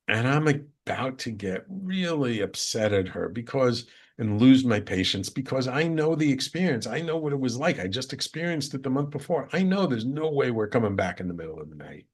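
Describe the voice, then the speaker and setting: A man's voice: medium pitch, very animated, moderate pace, few pauses, husky. A male radio host telling a personal spiritual story in an earnest, reflective way, repeating phrases for emphasis.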